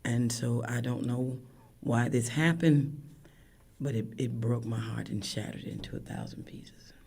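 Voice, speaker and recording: A woman in her fifties, a grieving mother, tells her story emotionally, her voice cracking and often falling to a hushed whisper. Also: rumbling low, steady tone, measured pace, vocal fry, slightly rough. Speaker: guest, bereaved mother. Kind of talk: emotional personal account.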